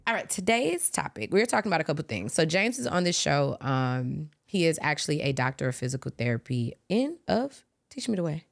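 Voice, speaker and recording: Woman podcast host, low voice, expressive chatty delivery. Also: a little fast, gravelly, few pauses. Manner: expressive, animated, swears casually. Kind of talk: casual chat.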